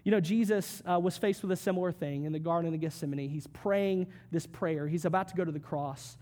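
A male pastor giving a conversational sermon, with joking asides and quick acted quotes. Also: fairly high pitch, a little mellow.

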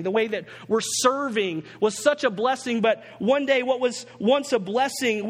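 High-voiced preacher in a reverberant hall. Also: male voice. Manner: conversational, humorous preaching. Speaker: pastor. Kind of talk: sermon.

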